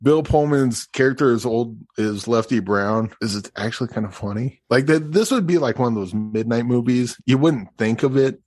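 A man's voice: medium pitch, moderate pace, hardly any pauses, a little mellow, no room sound. A man co-hosting a film podcast, chatting casually with sarcastic asides and frequent restarts. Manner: rambling, sarcastic, many restarts. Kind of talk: casual movie review chat.

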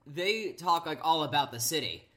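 A man's voice: a little high, lively intonation, moderate pace, bright, forceful tone. A man co-hosting a podcast in casual chat, trading dry quips and short agreeing replies. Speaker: podcast co-host.

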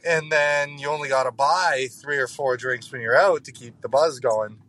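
A man's voice: mid-range voice, normal speed, fairly bright tone, slight background noise, low-quality recording. A young man leaving a casual, rambling voicemail full of fillers and casual swearing. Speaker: voicemail caller.

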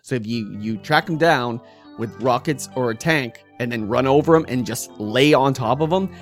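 A man, a young adult, chatting casually as co-host of a gaming podcast, animated and laughing as he acts out quotes. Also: medium pitch, normal speed, soft background music. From United States. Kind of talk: casual chat.

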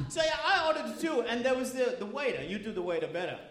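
A man's voice: very high-pitched, big pitch swings, fast, fairly bright tone. A man who is a guest comedian on a live podcast, telling stories and teasing others in a playful, mock-defensive way. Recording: echoey live venue with audience.

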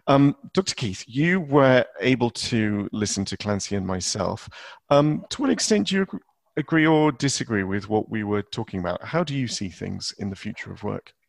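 A man hosting a podcast in casual conversation, chatty and self-deprecating with quick asides. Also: fairly low pitch, expressive, gravelly, no room sound. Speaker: podcast host.

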